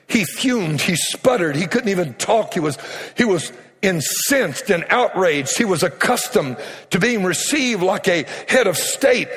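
A high-pitched male preacher, telling a story dramatically. His sermon rings out with a long hall reverb, and he acts out the voices of the people in the story. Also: fairly bright tone. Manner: dramatic storytelling, acting out quotes. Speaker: pastor.

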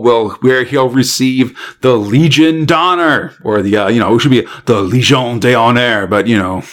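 A man's voice: medium pitch, moderate pace, few pauses, fairly bright tone. A man hosting a casual podcast chat, recapping a comic story with lots of fillers and laughs. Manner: rambling, frequent fillers and laughs.

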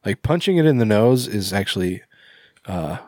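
A man's voice: lowish voice, animated, normal speed, a little mellow, dry recording, clean studio sound. A man casually recapping a movie on a podcast, rambling with fillers and self-corrections. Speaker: podcast co-host.

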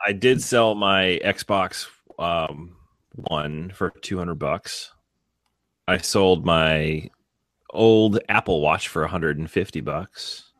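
A man co-hosting a podcast, chatting in a relaxed, matter-of-fact way. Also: sits low, takes it slowly, no room sound, clean studio sound. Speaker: podcast co-host. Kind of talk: casual chat.

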